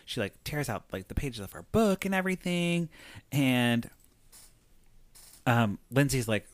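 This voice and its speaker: A man casually retelling a film's plot, rambling and animated, peppering his talk with "like" and acting out the characters' lines. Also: medium pitch, a little slow, no echo. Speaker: podcast host recapping a film.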